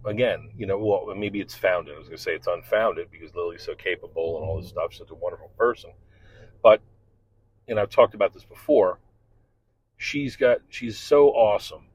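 Deep husky man telling a casual story. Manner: profane, rambling, candid. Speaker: podcast host and father. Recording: dull lo-fi recording.

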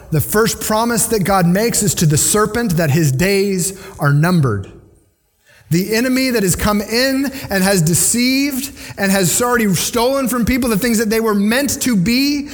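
High-voiced earnest male preacher. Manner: earnest, conversational, restarts and side notes. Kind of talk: sermon. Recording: long hall reverb.

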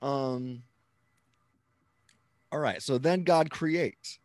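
A man's voice: medium pitch, takes it slowly, long pauses, a little mellow, dry recording. A man who is a Christian author and apologist, explaining ideas step by step as an interview guest and often checking in with "right?". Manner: explanatory, checks in with frequent "right?", steps through ideas with restarts. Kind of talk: conversational interview, explaining theology.

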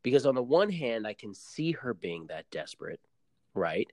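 A man's voice: medium pitch, sing-song, moderate pace, a little mellow, no echo. A man co-hosting a podcast, chatting casually and playfully, arguing his points with rhetorical questions. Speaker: podcast co-host. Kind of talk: casual chat recapping a reality show.

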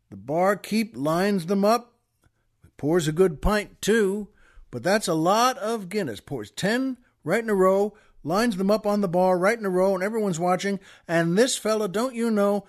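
High-voiced man telling a joke. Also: expressive, unhurried. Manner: rambling, chuckling storyteller with restarts. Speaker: podcast host.

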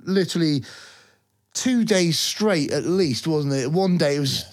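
A man chatting as a podcast co-host, with a voice a little higher than most men's. He talks in a relaxed, easygoing way, laughs often and fills his pauses with ums and likes. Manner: relaxed, laughing, hesitant with fillers. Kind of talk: casual chat.

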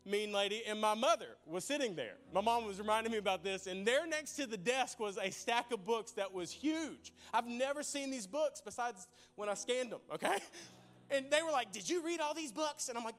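High-voiced man preaching a lively sermon. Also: a little fast. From Arkansas. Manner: lively, humorous, laughs often, addresses congregation directly. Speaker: pastor. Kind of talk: sermon with storytelling. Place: church.

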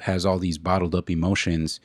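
Low-voiced laid-back man, casual advice. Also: level tone, normal speed, no room sound. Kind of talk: casual chat.

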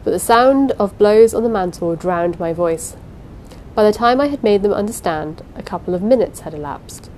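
A woman's voice: medium pitch, expressive, moderate pace, a little mellow, a little hiss or hum, rough recording. A woman narrating a first-person story aloud, reading in a dramatic, suspenseful way. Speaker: audiobook narrator.

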